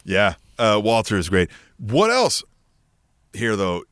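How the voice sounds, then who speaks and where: A man's voice: on the low side, slow, smooth, no room sound, studio quality. A man co-hosting a wrestling podcast, casually recapping matches and acting out what wrestlers said, with some swearing. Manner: animated, acts out quotes, swears. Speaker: podcast co-host.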